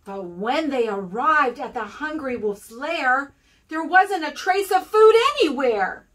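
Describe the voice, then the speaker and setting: An American woman reads a rhyming picture book to young children in a sing-song storytelling manner. Her voice is high and bright, and her pace is slow. The mic is slightly distant. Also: animated. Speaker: guest reader for kindergarten.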